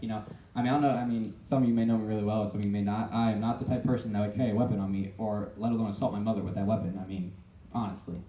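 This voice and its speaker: A young man giving an earnest personal testimony to an audience, halting and often restarting his sentences. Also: fairly low pitch, dark tone, slight background noise. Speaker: speaker telling his own story. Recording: echoey room, voice picked up from a distance.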